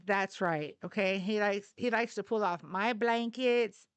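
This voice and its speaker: A woman talking casually to her livestream audience, rambling from one thing to the next. Her voice is smooth and resonant, and the sound is close and dry with no room echo. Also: mid-range voice, measured pace. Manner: chatty, rambling, addresses viewers as y'all. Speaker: livestream host.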